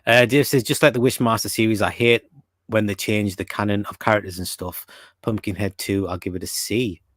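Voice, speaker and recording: Low-voiced man hosting a chatty podcast. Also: steady tone, brisk, a bit bright, no echo. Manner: hesitant, many fillers and restarts. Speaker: podcast host reading viewer comments. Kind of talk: casual chat.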